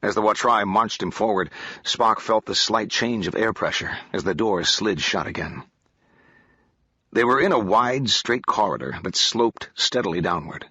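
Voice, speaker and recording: Low, husky male audiobook narrator. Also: normal speed, bright, forceful tone, no echo. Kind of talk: scripted narration.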